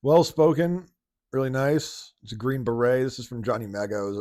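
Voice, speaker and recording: A man's voice: medium pitch, lively intonation, normal speed, a little mellow, no room sound. Man, podcast host, casual slangy reactions, dry close sound. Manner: casual, slangy, laughing often. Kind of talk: casual commentary.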